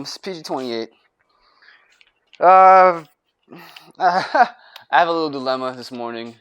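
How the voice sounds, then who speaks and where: A man's voice: mid-range voice, fairly bright tone, clean tone. A young American man ranting to camera in a rambling, repetitive way, swearing and restarting his sentences. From United States. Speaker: vlogger. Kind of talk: grumpy rant to camera.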